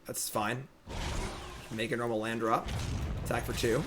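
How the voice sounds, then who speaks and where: A man streaming a card game from home, talking casually to his viewers with excitable commentary. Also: mid-range voice, a little slow, noisy background. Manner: excitable, talks to the audience as "folks".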